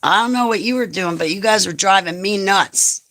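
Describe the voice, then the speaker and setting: A woman's voice: mid-range voice, moderate pace, fairly bright tone. A woman hosting a livestream, talking casually and bluntly to her viewers, rambling from topic to topic and chuckling often. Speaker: livestream host.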